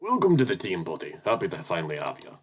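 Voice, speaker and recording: A man voicing a friendly, fatherly male wolf who runs an office, in a relaxed, teasing way. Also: deep voice, quick pace, exaggerated voice. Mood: genial. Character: friendly male wolf office boss, middle-aged, genial. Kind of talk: voice acting a visual novel.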